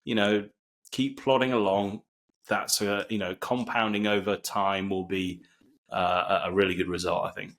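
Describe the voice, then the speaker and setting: Man, podcast host, slow monotone delivery, fairly low voice, casual interview.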